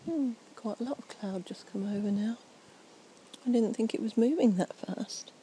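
A woman, slightly tipsy, giving a soft, rambling, whispered night-time ASMR chat outdoors near trees and a fountain on a portable recorder. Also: on the high side, moderate pace, a little hiss or hum, poor audio.

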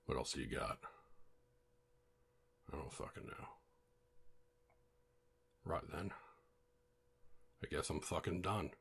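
A man's voice: extremely low pitch, lively intonation, takes it slowly, long pauses, fairly bright tone, a little hiss or hum. An American man doing a casual accent word-list challenge, profane and sardonic. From United States. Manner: profane, sardonic, swears constantly. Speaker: vlogger.

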